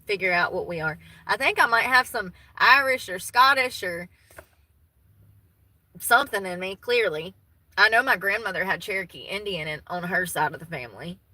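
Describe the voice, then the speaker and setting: Chatting folksily with people watching live, a Southern American woman in her thirties laughs often. Her voice sits mid-range, animated and bright with a forceful edge, at a moderate pace. The recording is dry and low in quality.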